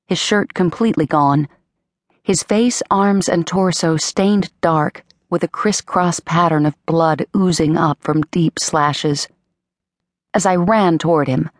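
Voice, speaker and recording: A woman narrating an audiobook in a measured, dramatic first-person storytelling manner, on a close studio mic. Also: low voice, no room sound. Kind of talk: scripted narration.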